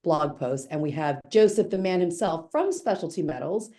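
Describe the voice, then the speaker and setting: A woman presenting a live software demo over a video call, chatty and upbeat, with quick self-corrections and asides. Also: deep voice, animated. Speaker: webinar presenter demoing software.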